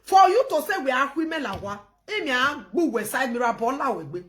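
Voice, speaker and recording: A high-pitched woman speaking fairly quickly in a Nigerian Pidgin English accent runs a casual live stream. Animated and full of laughter, she chats quietly on the phone and then bursts out loudly.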